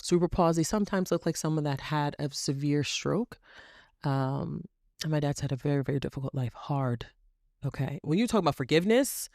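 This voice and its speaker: A woman's voice: low-pitched, darkish tone, no room sound, studio quality. A woman hosting an inspirational podcast, telling stories animatedly and repeating phrases for emphasis. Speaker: podcast host. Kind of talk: inspirational monologue.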